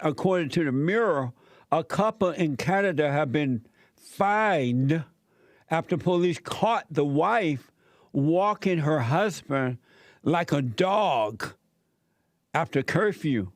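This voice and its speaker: A man's voice: fairly high pitch, lively intonation, slow, no echo, studio quality. A man filling in as host of a call-in talk show, reading a news story and giving blunt, opinionated commentary in plainspoken, casual grammar.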